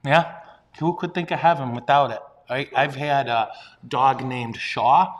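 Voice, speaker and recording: A man who is a priest, talking casually and playfully on a livestream. His voice sits at a middle pitch. He pokes fun at himself and laughs easily. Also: steady tone, a little slow. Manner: playful, self-deprecating, chuckles often.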